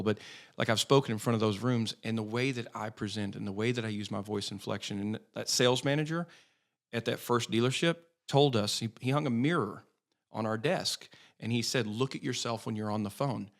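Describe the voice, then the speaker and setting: A man's voice: on the low side, gravelly. A man in his thirties, a business development head talking energetically as a podcast guest. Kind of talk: podcast interview.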